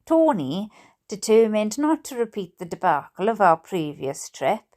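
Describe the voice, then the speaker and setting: A Welsh woman reading a bedtime book aloud, chatty and quick to laugh, with asides to her viewers. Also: medium pitch, big pitch swings, a little mellow.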